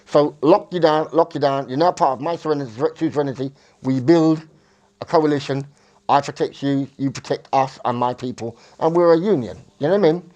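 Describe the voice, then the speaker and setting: A man's voice: fairly high pitch, fairly quick, darkish tone. A man from England, talking in a rambling, self-correcting monologue that searches for words. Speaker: vlogger.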